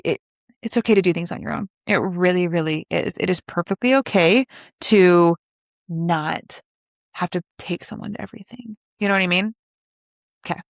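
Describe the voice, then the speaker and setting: Young woman host, casual podcast chatter, frequent vocal fry, dead-dry room. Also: mid-range voice, no echo. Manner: chatty, animated, full of likes and asides. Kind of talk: casual solo podcast chat.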